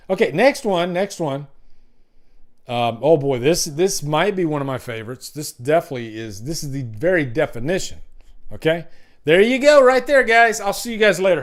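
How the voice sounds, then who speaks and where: A man hosting a live stream, talking casually and rambling with enthusiasm and many restarts. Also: fairly high pitch. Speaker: host.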